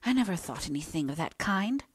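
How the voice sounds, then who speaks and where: A woman's voice: fairly low pitch, expressive, brisk, slightly rough, dry recording. A woman voicing an earnest, remorseful young woman in an audiobook, confessing in an emotional, pleading way. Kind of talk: audiobook character reading.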